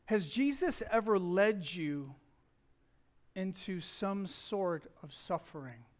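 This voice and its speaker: A man's voice: high-pitched, lively intonation, slow. A middle-aged man preaching a sermon, telling a personal story in a conversational way and acting out the quoted dialogue.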